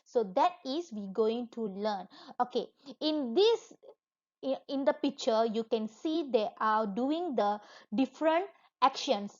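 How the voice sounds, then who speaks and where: Sing-song Malaysian teacher coaxing small children. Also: female voice, a little high, lively intonation, unhurried, darkish tone. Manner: sing-song, coaxing, imitates animal and object sounds. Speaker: kindergarten teacher. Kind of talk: online lesson for young children. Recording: dull lo-fi recording.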